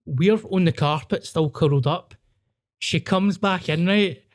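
Animated sweary Glaswegian man. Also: fairly high pitch, measured pace. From Scotland. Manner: animated, sweary, acts out voices. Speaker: podcast host. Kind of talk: casual storytelling chat.

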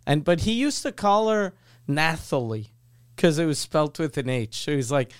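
High-pitched man, clear crisp voice. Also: normal speed, dry recording, clean studio sound. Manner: animated, swears freely, laughs while telling stories. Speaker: podcast co-host. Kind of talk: casual chat, storytelling.

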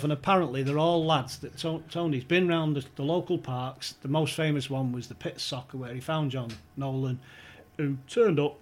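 A man telling a funny football anecdote on a podcast, acting out the quotes and laughing often. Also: mid-range voice. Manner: animated storyteller, laughs often, acts out quotes. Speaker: podcast guest.

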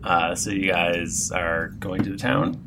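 A man's voice: deep voice, measured pace, creaky, background noise. A man narrating as game master in a tabletop game, loose and easygoing with many fillers.

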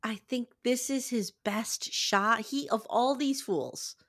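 A woman's voice: fairly high pitch, slow pace, fairly bright tone. A woman co-hosting a reality-TV recap podcast in casual chat, rambling and swearing offhandedly. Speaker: podcast co-host.

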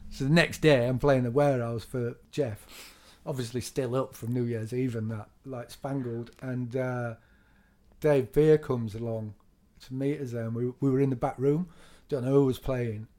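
A middle-aged man tells club stories in a relaxed, animated way. His voice sits at a mid pitch. He laughs often and swears freely as he goes. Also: moderate pace. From England. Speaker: DJ guest. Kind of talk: casual storytelling interview.

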